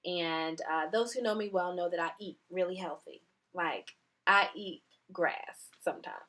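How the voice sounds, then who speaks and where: Lively storytelling woman, a touch low. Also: unhurried. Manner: animated storytelling with acted-out quotes and laughs. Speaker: wellness and life coach. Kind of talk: casual motivational talk.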